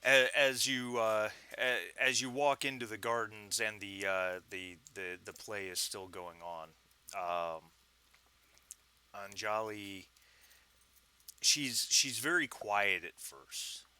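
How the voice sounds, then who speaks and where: A man running a tabletop game as game master, narrating with relaxed ums and chuckles. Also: on the low side, slow pace, clear, resonant tone, dry recording.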